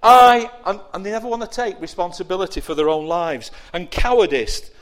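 A man giving a lively children's sermon, asking the young listeners questions and acting out whiny voices. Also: high-pitched, fairly quick. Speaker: preacher giving a children's talk.

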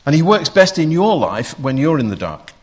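A man's voice: fairly high pitch, sing-song, normal speed. A man preaching a sermon, talking conversationally and putting rhetorical questions to his listeners.

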